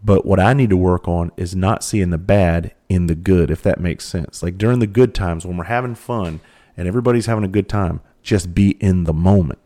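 A man's voice: sits low, a little fast, dark tone. A middle-aged man, talking bluntly in a casual monologue and swearing freely.

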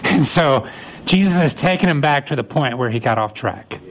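A man's voice: medium pitch, lively intonation, normal speed, vocal fry, low-quality recording. A man preaching a sermon in a conversational way, acting out the lines of the people in the story. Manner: conversational, acts out voices of biblical figures. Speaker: pastor.

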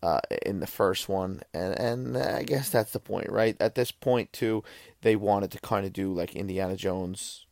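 A podcast host reviews a film in a loose, rambling monologue, swearing a lot and restarting his sentences. His voice is lowish and darkish with vocal fry, and he speaks at a measured pace on a dry, studio-quality recording.

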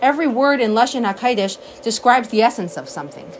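Woman Torah teacher, slightly high voice, animated and storytelling, faint noise behind. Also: fairly quick, low-quality recording. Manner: animated storyteller, acts out quotes. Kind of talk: lecture on a sacred text.

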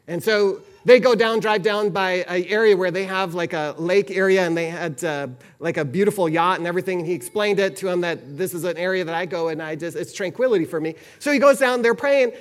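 A man preaching, telling a long story and acting out the lines of the people in it. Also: sits high. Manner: animated, acts out quoted dialogue. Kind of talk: sermon storytelling.

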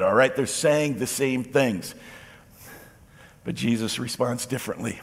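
A man preaching a sermon as pastor, animated and expressive, acting out quoted lines as he speaks. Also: mid-range voice, measured pace, gravelly, slightly rough, big-room sound.

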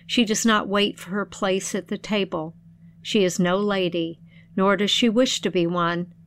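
A woman narrating an old folk tale in a measured, expressive storytelling voice, then reflecting on its meaning. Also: medium pitch, clean tone.

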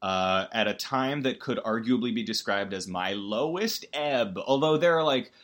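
A man hosting a comedic solo podcast, talking in a rambling, self-deprecating way with many stammered restarts and sudden jumps in pitch. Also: expressive, moderate pace, a bit bright. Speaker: podcast host.

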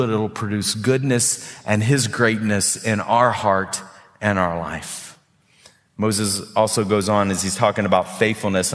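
A male pastor preaching a sermon with animated delivery, often repeating words as he builds his points. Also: lowish voice, in a large hall.

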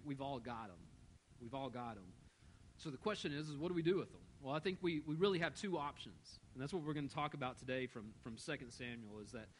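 A man's voice: mid-range voice, slight background noise, rough recording. A middle-aged man preaching a sermon as pastor, telling a story and acting out the quoted voices.

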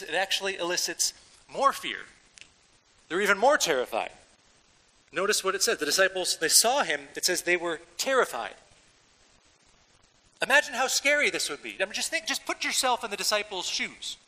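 A man preaching a sermon as a pastor, in a casual, animated way with everyday slang, a father of young children. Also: high voice, normal speed, pauses often, long reverb tail, low-quality recording. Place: church.

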